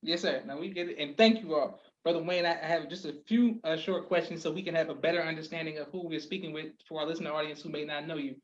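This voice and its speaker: A man's voice: fairly high pitch, steady tone, fast, hardly any pauses, dull audio. A man hosting a podcast interview, respectful and affirming, often answering yes sir. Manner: deferential, keeps saying yes sir. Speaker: podcast host.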